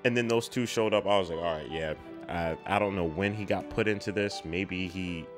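A young man with a slightly low voice talks his way through a film reaction in a loose, casual way. He bursts out excitedly and laughs often. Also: normal speed, over music.

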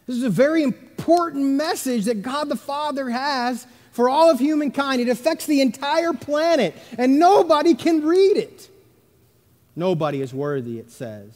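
A man preaching a sermon as pastor, emphatic, swinging between loud stresses and hushed asides. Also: high voice. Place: church sanctuary. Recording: long church reverb.

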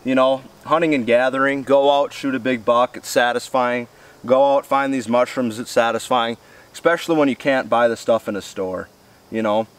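With a smooth, mid-range voice at a moderate pace, this US Midwest host runs an outdoor cooking vlog by the woods. He's chatty and enthusiastic in a folksy way, captured by a far-off mic with a little noise.

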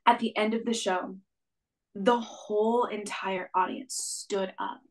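A young woman shares her experiences as a guest in an interview. Her manner is earnest and reflective, peppered with "like" and "um", and her voice sits at an ordinary middle pitch. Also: steady tone, unhurried, rough recording. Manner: earnest, reflective storytelling with frequent "like" and "um". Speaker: guest, stage actress. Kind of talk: conversational interview.

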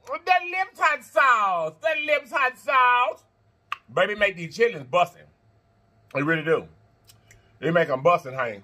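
A man hosting an eating-show vlog, chatting to viewers between bites, animated and quick to laugh. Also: high voice. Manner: animated, talks straight to viewers, laughs and chants; talks while eating and blowing on hot food. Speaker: mukbang host.

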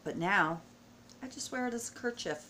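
A woman's voice: medium pitch, animated, normal speed, pushed and bright, slight background noise. A middle-aged woman vlogging at home, opening a package with gushing, emotional exclamations. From United States. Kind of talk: casual vlog unboxing. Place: at home indoors.

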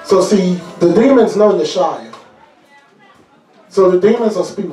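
A high-pitched man preaches deliverance with lively energy and humorous asides. His voice rings through a reverberant church hall, picked up from a distance with faint music underneath. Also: unhurried. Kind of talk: deliverance sermon. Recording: echoey room, mic far off, faint music.

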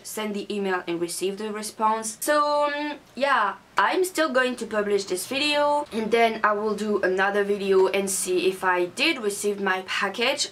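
A woman's voice: mid-range voice, a bit bright. Angry young woman ranting to camera. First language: not English. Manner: angry, swearing rant. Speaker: beauty vlogger. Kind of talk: casual unboxing vlog.

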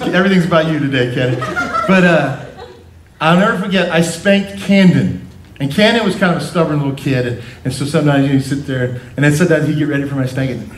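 Recorded from across a church sanctuary with roomy sound and background noise, a middle-aged man preaches fairly quickly in a fairly high voice. As pastor, he tells his congregation family stories, with playful remarks and acted-out voices.

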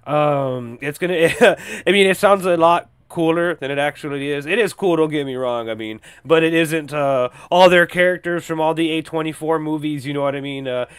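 A young man chats alone on his podcast, rambling, profane and playful. His voice sits a little high and sounds smooth and clear. The recording is close and dry. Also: moderate pace, few pauses, no echo. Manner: profane, jokey, rambling with frequent fillers. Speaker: podcast host. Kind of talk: casual solo podcast chat.

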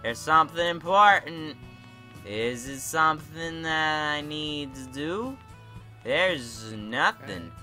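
A young man rants over his game with sarcastic, profane commentary. His voice is very bright and fairly high, and he takes his time, drawing his words out slowly. Faint music plays underneath. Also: lively intonation. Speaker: gaming YouTuber. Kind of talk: let's play commentary.

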